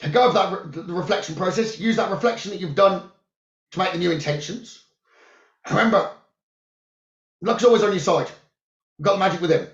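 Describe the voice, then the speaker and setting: A man who works as a psychic medium, giving calm, soothing spiritual guidance about the new moon, crystals and journaling. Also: high-pitched, fairly quick, long pauses. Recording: roomy, dull lo-fi sound.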